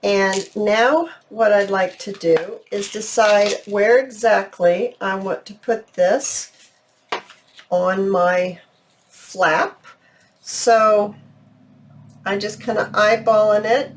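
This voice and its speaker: A woman hosting a crafting video, thinking aloud in a chatty, unhurried way. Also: medium pitch, a little hiss or hum. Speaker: crafting channel host. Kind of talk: casual craft tutorial narration.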